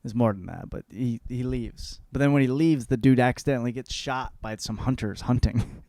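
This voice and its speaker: A man's voice: mid-range voice, moderate pace, no room sound, studio quality. A male podcast host giving a profane, rambling comedic book report. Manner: profane, rambling, animated riffing.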